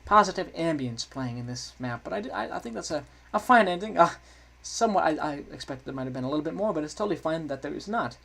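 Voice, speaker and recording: Guy doing let's play commentary, kinda high voice, chatty, trips over his words and gets all excited. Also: quick pace, gravelly. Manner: chatty, self-correcting, excitable. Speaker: gaming video creator.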